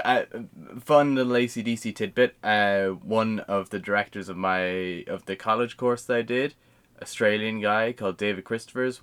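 A man's voice: lowish voice, fairly bright tone, smooth. A man co-hosting a podcast in casual chat, rambling and swearing freely with lots of fillers and restarts. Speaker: podcast co-host.

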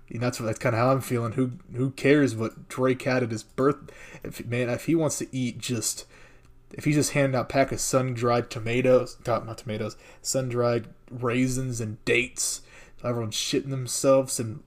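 A man in his own voice at a middle pitch, riffing on odd stories in a loose comedic commentary. He reads posts aloud, then rambles through sarcastic asides, often breaking into laughter. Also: level tone, moderate pace. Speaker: podcast host reading news.

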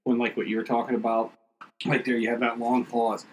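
The audio is poor, with a little hiss or hum, and the man's medium-pitched voice is brisk. Chatting casually on a podcast, he spins rambling, profane tales and voices other people's outbursts with animation.

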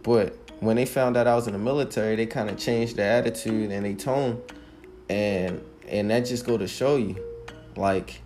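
A man's voice: fairly low pitch, fairly even intonation, moderate pace, a little mellow, soft background music. A 21-year-old man podcasting alone, telling a story in an emphatic, heated way with plenty of swearing. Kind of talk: casual monologue.

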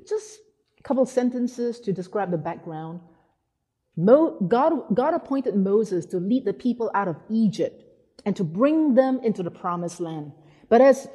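Slightly high and husky, a woman's voice carries a sermon through an echoing hall. She's an animated storyteller who gives voice to each person she quotes.

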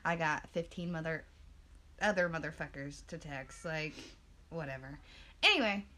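A woman's voice: deep voice, normal speed, sharp tone. A woman in her twenties chatting casually, laid-back and self-mocking, laughing often. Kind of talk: casual chat.

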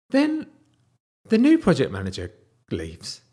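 Husky guy in his 30s telling a long story, super animated, voice jumps all over, some whispery bits. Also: moderate pace. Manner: animated, wide swings in pitch and loudness, drops to whispers. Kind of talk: casual storytelling vlog.

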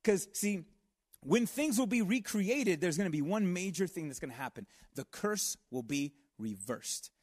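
A man's voice: sits high, expressive, moderate pace, slightly rough. A man preaching a sermon in a conversational, earnest way, with asides and restarts. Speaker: pastor.

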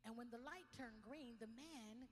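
A woman pastor preaching a lively sermon, telling stories and swinging from quiet asides to loud exclamations. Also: a little high, unhurried, in a large hall.

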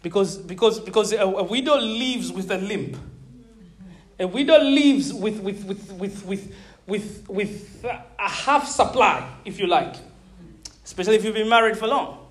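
A woman in her thirties preaching a sermon, animated and laughing often, checking in with her listeners and repeating words as she thinks. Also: medium pitch, a little slow. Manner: repeats words when searching for them.

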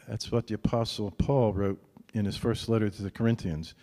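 A male pastor with a fairly low voice preaches in a relaxed, conversational manner, often adding a quick "right?" to connect with listeners. A long reverb tail trails his words.

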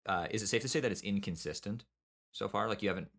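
A man's voice: on the low side, fast talker, a bit bright. A man who runs a painting business, co-hosting a casual business chat over a video call, blunt and swearing freely. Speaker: painting business owner and podcast co-host.

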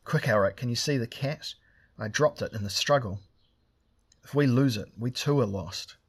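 A man's voice: mid-range voice, moderate pace, husky. A man voicing an anxious, urgent little swordsman companion. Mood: frantic. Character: small frantic male swordsman companion.

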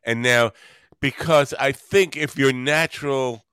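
A middle-aged man hosting a podcast, asking relaxed questions with joking asides. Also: mid-range voice, a little slow, clear, resonant tone, no echo, clean studio sound. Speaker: podcast host. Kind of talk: casual interview.

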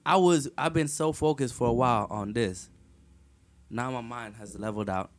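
A young man in casual conversation, animated and slangy, swearing freely. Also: medium pitch, normal speed. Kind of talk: casual chat.

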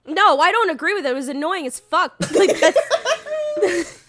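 Woman co-host, high lively voice, giggly and excitable, casual chat over a call. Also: unhurried. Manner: giggly, excitable, laughs often. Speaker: podcast co-host. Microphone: voice call headset or desk mic.

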